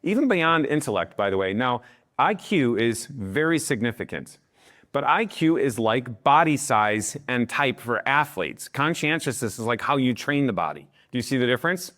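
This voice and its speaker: Animated man who keeps asking "okay?". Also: mid-range voice, moderate pace. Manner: acts out other people's voices, often asks "Okay?". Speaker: speaker on influence and leadership. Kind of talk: lively talk to a live audience.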